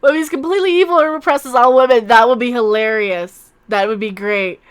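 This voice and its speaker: A woman hosting a casual livestream, commenting in a sarcastic, mocking way, laughing often and swinging between loud outbursts and mutters. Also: a little high, fairly quick, smooth. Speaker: YouTube channel host.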